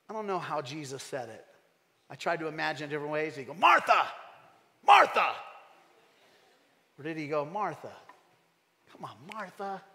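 Male pastor, slightly high voice, emphatic sermon, church hall with long reverb. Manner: animated, emphatic, asks the congregation questions.

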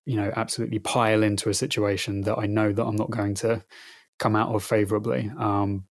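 A man's voice: on the low side, level tone, fairly quick, dry recording, clean studio sound. A man in his thirties, a podcast guest chatting casually, often stalling and repeating words while he gathers his thoughts. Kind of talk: casual conversation.

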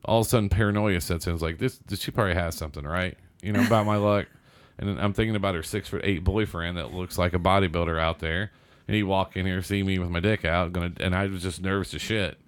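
Deep-voiced man telling a rambling story. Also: steady tone, quick pace, clean tone. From Southern Indiana. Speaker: guest storyteller. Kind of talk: casual podcast chat.

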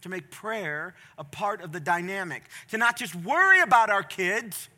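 A middle-aged male pastor preaching a sermon from a church stage, passionate, moving from quiet storytelling to loud, emphatic appeals. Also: sits high, animated, moderate pace.

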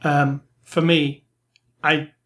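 A man's voice: fairly high pitch, flat delivery, extremely slow, fairly bright tone. A man co-hosting a casual film review podcast, easygoing and hesitant, steering the talk with questions.

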